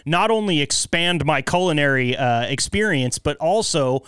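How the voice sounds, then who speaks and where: A man's voice: fairly high pitch, animated, normal speed, fairly bright tone, clear, resonant tone, dry recording, clean studio sound. A man co-hosting a podcast, joking around in a playful, enthusiastic, casual way. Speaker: podcast co-host.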